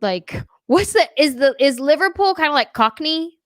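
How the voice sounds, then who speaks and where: A woman hosting a casual chat show, talking in a chatty, playful way with quick asides. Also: sits high, expressive. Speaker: host.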